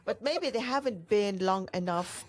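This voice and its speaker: A woman's voice: medium pitch, moderate pace. A woman whose first language is Arabic, co-hosting a casual podcast chat and telling stories expressively with frequent restarts. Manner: expressive storyteller, restarts and self-corrects often. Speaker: co-host.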